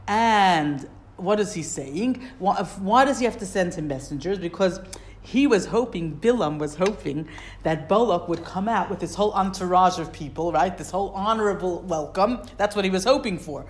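A woman's voice: fairly low pitch, lively intonation, moderate pace. A woman teaching a Torah study class. She reads Hebrew phrases, translates them and asks questions as she explains.

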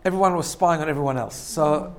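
In a fairly high voice and at a fairly quick pace, a male religious teacher gives a casual sermon. He leans on storytelling, often asks his audience "right?", and chuckles at his own jokes.

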